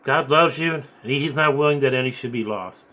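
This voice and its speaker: A man earnestly recounting a dream and preaching in a rambling, halting way, repeating his words. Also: mid-range voice, bright, forceful tone. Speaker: video blogger recounting a dream. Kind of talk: earnest spoken storytelling and preaching.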